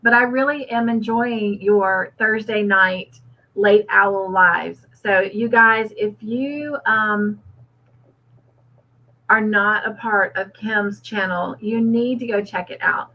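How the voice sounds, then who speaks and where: A woman hosts a casual livestream, speaking slowly at a medium pitch over slightly dull lo-fi audio. She reads out viewer comments and chats back warmly, laughing often.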